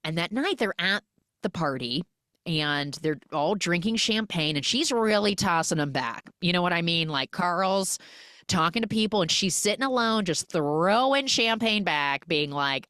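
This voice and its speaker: A woman's voice: lowish voice, normal speed, no room sound, clean studio sound. A woman hosting a casual movie recap podcast, retelling scenes with lots of "like" and acting out what characters say. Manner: animated retelling that acts out characters' lines; frequent filler "like". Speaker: podcast host.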